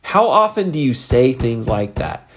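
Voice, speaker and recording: A middle-aged man giving a motivational talk to his sales team, conversational and animated, leaping up in pitch for emphasis. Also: a little slow. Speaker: sales team leader and coach.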